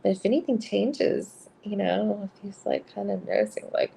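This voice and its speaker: A woman with a husky voice reading cards on a live stream, chatting casually with viewers and giggling often between rambling sentences. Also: medium pitch, normal speed, hardly any pauses, warm tone. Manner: chatty and rambling, full of filler words. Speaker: live-stream card reader.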